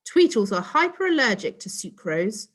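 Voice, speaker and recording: A woman's voice: medium pitch, sing-song, normal speed. A woman voicing a friendly, polite green alien lady neighbour in a children's storybook. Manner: bright, twinkly, polite.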